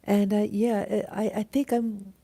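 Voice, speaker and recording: A woman telling a dream in a casual, halting monologue, full of restarts and fillers as she greets viewers of her live stream. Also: medium pitch, little pitch movement, dark tone. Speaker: vlogger recounting a dream.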